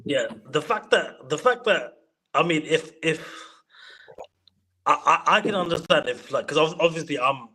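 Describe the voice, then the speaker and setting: A man's voice: a little high, expressive, moderate pace, pushed and bright, a little hiss or hum, poor audio. A man guesting on a casual football stream, laid-back and joking, often restarting his sentences. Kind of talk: casual chat.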